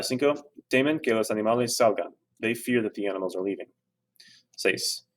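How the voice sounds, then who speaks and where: A man talks through a screen-recorded grammar lesson. He sounds relaxed and conversational, dropping fillers and correcting himself as he goes. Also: on the low side. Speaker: Spanish teacher.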